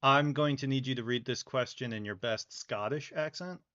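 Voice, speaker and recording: A man's voice: mid-range voice, normal speed, sharp tone. A man co-hosting a podcast in casual comedic chat, tossing out dry sarcastic quips. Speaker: podcast co-host. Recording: dull lo-fi mic.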